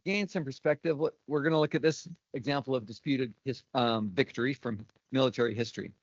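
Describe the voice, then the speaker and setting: Speaking fairly quickly in a mid-range voice, a man delivers an academic lecture from notes, with dry asides and occasional stumbles. There is no room sound, and the lecture recording is dull and lo-fi.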